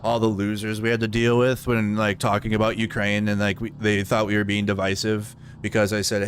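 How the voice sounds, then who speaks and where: A man's voice: fairly low pitch, completely flat delivery, a little fast, few pauses, smooth. A man hosting a live news commentary stream, talking bluntly and with profanity. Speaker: livestream news host.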